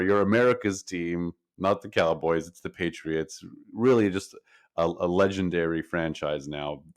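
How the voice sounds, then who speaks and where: A man co-hosting a sports podcast, talking casually in a blunt, dismissive way. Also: low voice. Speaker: podcast co-host.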